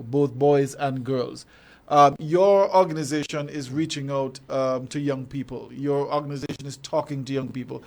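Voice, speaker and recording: A man's voice: medium pitch, steady tone, normal speed. Hesitant male radio host. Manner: hesitant, repeats words, encouraging. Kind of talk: radio interview. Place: radio studio.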